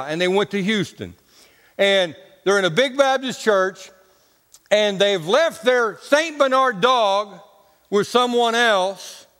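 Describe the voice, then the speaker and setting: A man's voice: sits high, a bit bright. A male pastor preaching a sermon in a folksy, humorous storytelling way, with casual grammar. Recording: church hall reverb.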